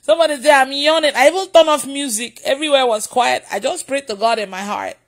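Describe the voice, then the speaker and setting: Woman preacher, livestream prayer, often laughing, higher voice, repeats phrases. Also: fast talker.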